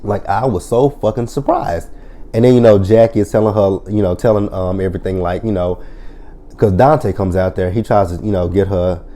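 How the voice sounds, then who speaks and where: A man's voice: on the low side, moderate pace. Profane man recapping a TV episode. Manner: profane, blunt storytelling; animated retelling with quoted lines. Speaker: TV show reviewer. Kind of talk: casual episode recap review.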